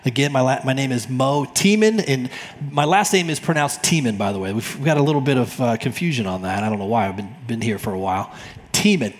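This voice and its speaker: A man in his forties, a pastor, opening his sermon in a relaxed, chatty way with some fillers and restarts. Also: medium pitch, fast talker. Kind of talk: friendly sermon introduction. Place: church auditorium. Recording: long church hall reverb.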